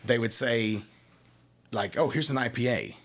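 Husky-voiced Kentucky brewery man. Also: mid-range voice, measured pace, fairly bright tone. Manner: explanatory, leans on analogies and acted-out quotes. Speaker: craft brewery representative. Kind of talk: casual chat.

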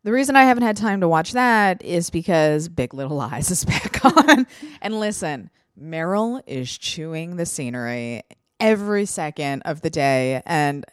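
A woman with a lowish voice hosts a podcast, chatting frankly and loosely. She fills her talk with ums and likes and swears casually. The sound is dry and close, with no room around it. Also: expressive, measured pace, smooth, no echo. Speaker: podcast host. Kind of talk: casual chat.

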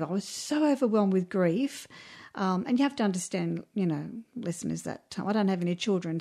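A woman's voice: lowish voice, warm tone. A woman co-hosting a casual podcast. She talks candidly and from the heart, with frequent ums and restarts. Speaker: podcast co-host.

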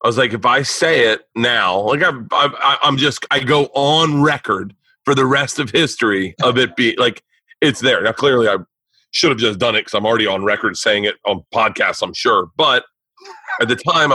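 A man hosting a comedy podcast, telling rambling, profane stories and playing out both sides of the conversations. His voice is bright and forceful with a husky edge. It sits close and dry on a studio mic. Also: medium pitch, dry recording. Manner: profane, rambling anecdotes with acted-out dialogue. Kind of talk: casual chat, storytelling.

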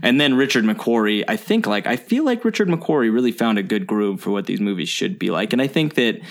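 A man's voice: on the low side, expressive, a little fast. A man co-hosting a podcast, chatting casually about movies, rambling a bit, hedging with "I think" and laughing often. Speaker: podcast co-host.

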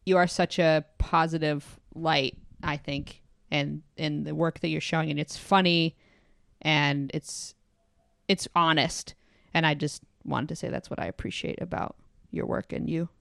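A woman hosting a podcast, asking earnest, gently probing questions and voicing appreciation. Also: deep voice, steady tone, a little slow, vocal fry, no room sound, clean studio sound. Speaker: podcast host. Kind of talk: interview questions and chat.

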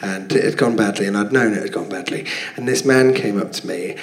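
A man's voice: lowish voice, fairly quick, vocal fry. A male comedian telling a self-mocking story, rambling and laughing through it, as a guest on a live podcast. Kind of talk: comic anecdote on a live podcast. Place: theatre stage. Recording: echoey theatre stage.

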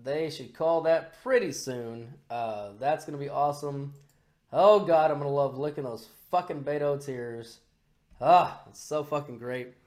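A man hosting a podcast, telling a story in a rambling, animated way with lots of swearing. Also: fairly high pitch, measured pace. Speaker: podcast host. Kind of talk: casual profane chat.

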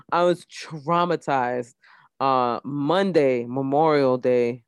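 A young woman co-hosting a casual podcast, telling an animated story with laughter and acted quotes. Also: fairly low pitch, normal speed, no room sound, clean studio sound. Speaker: podcast co-host. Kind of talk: casual chat.

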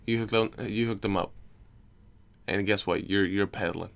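A man's voice: fairly low pitch, steady tone, moderate pace, vocal fry, smooth. A young man hosting a casual recorded chat, rambling and teasing with jokes. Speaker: podcast host.

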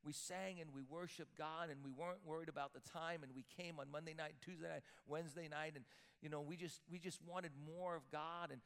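A man's voice: on the high side, fairly even intonation, fairly quick, creaky, fairly bright tone, smooth. A man preaching a sermon as pastor, emphatic, repeating words as he builds up. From Sicilian-Italian heritage. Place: church sanctuary with long reverb. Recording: reverberant church hall.

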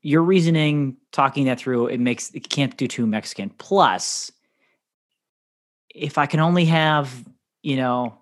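A man in easygoing podcast chat, with a voice of middling pitch. He rambles through long answers, jokes around and laughs often. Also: measured pace. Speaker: podcast co-host. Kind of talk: casual chat.

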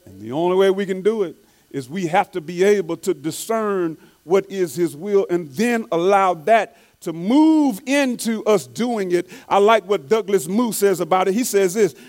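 High-voiced male preacher. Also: a little mellow. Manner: repeats key phrases for emphasis, reads quotes slowly; stumbles and restarts often. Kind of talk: sermon.

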